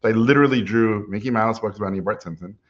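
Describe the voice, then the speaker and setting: A middle-aged man with a fairly low voice tells stories from his career in a lively, animated way, chuckling now and then. The recording sounds somewhat dull and lo-fi, with the top end muffled. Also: fast talker. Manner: animated storyteller, chuckles while telling anecdotes. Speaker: animation director. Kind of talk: personal storytelling talk.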